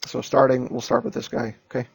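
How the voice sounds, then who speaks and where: A man's voice: mid-range voice, very animated, a little fast, vocal fry, slightly rough, no echo. A man teaching chemistry, going over an exam and driving points home by repeating them and checking in with "okay?" and "right?". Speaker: chemistry instructor. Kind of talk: lecture reviewing an exam.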